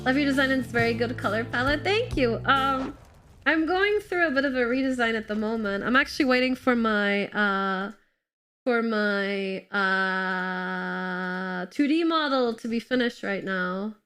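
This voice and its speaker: Excitable woman streamer, kinda sick and coughy, a bit high voiced, chatting with viewers. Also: a little slow, clean tone, faint music behind. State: slightly ill, coughing. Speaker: game streamer. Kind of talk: casual live-stream chat while playing.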